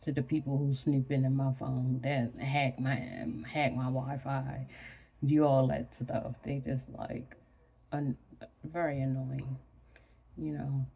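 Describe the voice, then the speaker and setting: Sleepy woman, gravelly voice, slow rambling casual chat. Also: rumbling low, little pitch movement, mellow, lo-fi sound. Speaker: vlogger.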